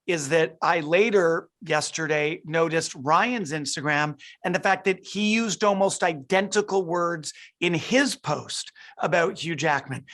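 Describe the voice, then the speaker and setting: Eager and thinking aloud, a middle-aged film director restarts sentences and repeats words while answering interview questions on a video call. His voice is on the high side with a fairly bright tone.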